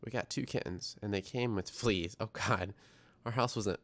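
Here a young man with a medium-pitched, animated voice runs a science livestream at normal speed. He chats casually, wanders off topic while reading viewer comments aloud, and makes jokes at his own expense.

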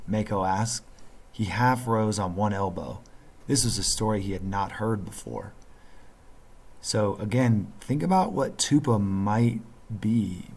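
A man reading a story aloud as a teacher, with steady narration and pauses to think aloud about the plot. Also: lowish voice, husky. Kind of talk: classroom read-aloud.

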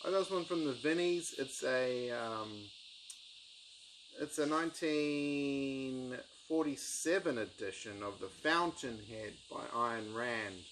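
A man chats through his book collection in a loose, rambling way, full of ums and restarts. His voice sits at an ordinary middle pitch. Crickets and outdoor ambience come through clearly behind him. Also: slow pace, fairly bright tone, a little hiss or hum, rough recording. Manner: rambling, enthusiastic, lots of ums. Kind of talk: casual book review vlog.

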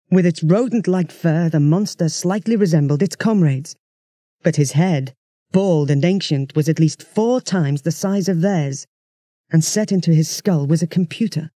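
Storybook narrator, steady and expressive, warm mellow tone, dry recording. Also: medium pitch, no room sound. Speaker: audiobook reader.

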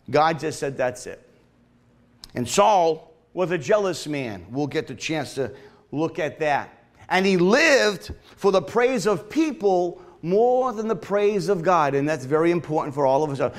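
Male pastor, high-pitched, conversational preacher with call-and-response, church sanctuary. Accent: regional accent. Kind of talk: sermon.

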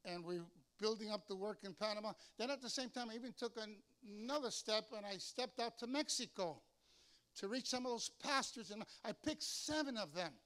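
An older man preaching a sermon as pastor, telling lively stories and acting out the voices of the people in them. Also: high-pitched, normal speed. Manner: storytelling, animated, acts out voices in anecdotes. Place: church sanctuary.

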